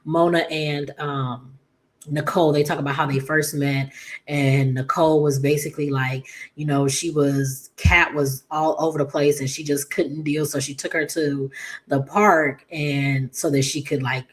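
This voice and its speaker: A woman casually recapping a soap opera episode, chatty and loose, with many fillers and throat clears, getting animated when quoting characters. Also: deep voice, measured pace.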